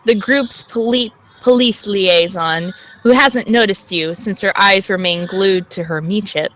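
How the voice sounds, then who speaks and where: A woman's voice: medium pitch, unhurried, a bit bright. Young woman co-streamer reading aloud. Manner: reads game narration, chatty asides. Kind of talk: casual let's-play reading of a text game.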